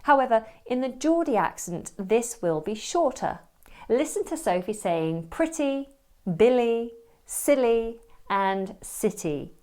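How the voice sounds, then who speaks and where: A woman narrating an accent tutorial in a measured, explanatory way. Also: fairly high pitch, expressive, warm tone.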